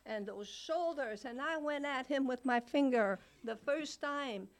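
A woman's voice: high voice, a little slow. An older woman speaking frankly at a recovery meeting, blunt and laughing often as she shares.

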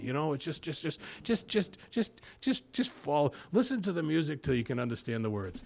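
A man speaking at a recovery meeting, telling his story in a rambling, animated way with many repeated restarts. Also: medium pitch, gravelly.

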